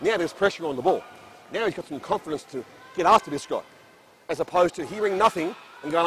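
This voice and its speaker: A man's voice: a little high, quick pace, fairly bright tone, slight background noise. A man coaching a basketball practice on an indoor court, barking short commands and then explaining drills at length.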